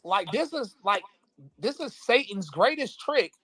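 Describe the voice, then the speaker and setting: A man's voice: sits high, big pitch swings, bright, forceful tone, dry recording, poor audio. Fiery man ranting on a live stream. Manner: impassioned, laughing, fast bursts with repeated restarts. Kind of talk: heated political talk.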